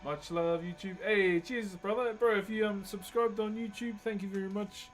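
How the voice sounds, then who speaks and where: A man's voice: high-pitched, fairly even intonation, normal speed, music in the background, poor audio. A man chatting casually on a live stream, greeting viewers and laughing often. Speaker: livestreamer and wood carver.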